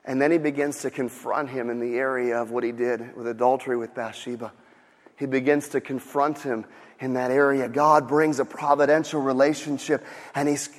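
A man preaching a sermon, animated, repeating words, going soft for storytelling and rising to shouts. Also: fairly high pitch, in a large hall. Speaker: pastor.

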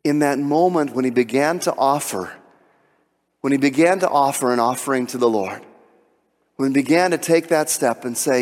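A man's voice: medium pitch, a little fast, darkish tone, big-room sound. A male pastor preaching a sermon, acting out the voices in the scripture story as he talks. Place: church sanctuary.

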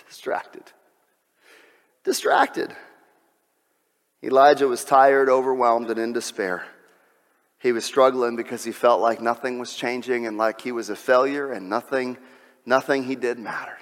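A man preaching a sermon as pastor, moving between loud outbursts and soft whispered prayer. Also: mid-range voice, steady tone, normal speed. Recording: long hall reverb.

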